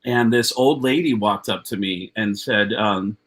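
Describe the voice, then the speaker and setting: A man in his forties, a stand-up comedian guest, telling lively, casual anecdotes on a podcast and swearing now and then. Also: lowish voice, measured pace, breathy edge, poor audio.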